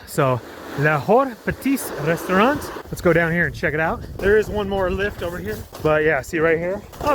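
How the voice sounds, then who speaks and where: A man talking in a casual, rambling vlog style as he skis, enthusiastic, speaking warmly about his faith. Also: on the high side, slight background noise. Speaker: travel vlogger. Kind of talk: casual vlog narration while skiing. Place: outdoors on a ski mountain.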